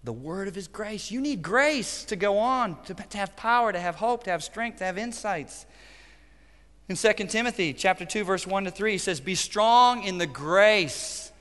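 A pastor in his forties delivers an impassioned sermon, his voice surging loud and then dropping to a hush. The tone is bright and forceful, and it rings out with a long reverb from a large hall. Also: sits high, expressive, moderate pace. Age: 40s. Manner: impassioned, swings from loud to hushed.

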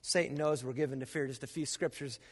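A man preaching a sermon as pastor, telling stories with animated sound effects in a church auditorium. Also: mid-range voice, quick pace. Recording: long reverb of a large auditorium.

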